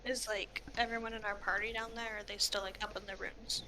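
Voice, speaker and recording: A woman's voice: medium pitch, little pitch movement, fairly quick, bright, forceful tone, a little hiss or hum. A woman chatting bluntly and casually as a player in a tabletop game.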